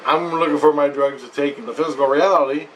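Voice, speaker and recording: A man's voice: fairly high pitch, steady tone, fast, fairly bright tone. A man telling viewers a raw, emotional story about a spiritual experience, swearing heavily and restarting his sentences as he goes. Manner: profane, emotional, rambling with restarts. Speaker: vlogger recounting a spiritual experience. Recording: distant mic with faint ambient noise.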